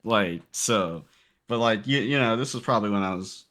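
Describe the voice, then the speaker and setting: A man in his late twenties telling a story in casual podcast chat, animated and acting out the quotes. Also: on the low side, normal speed. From Texas. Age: late 20s. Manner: animated, acts out quotes in character. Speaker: podcast guest.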